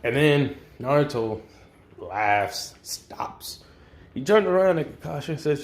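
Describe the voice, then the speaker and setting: A man's voice: on the high side, lively intonation, slow pace. A man hosting his channel, casually telling a fan what-if story in loose, slangy talk full of fillers and swearing. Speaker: channel host. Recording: roomy echo.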